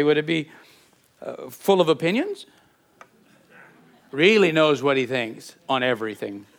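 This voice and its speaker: A man with a fairly high voice preaches a sermon. He talks to the congregation in a conversational way, putting questions to them and often repeating words as he thinks aloud. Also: a bit bright. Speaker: pastor.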